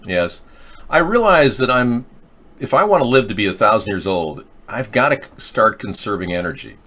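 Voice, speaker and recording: Man, low voice, live chat show host, rambling, joking, casual commentary. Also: very animated, normal speed, a bit bright. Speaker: political talk show host.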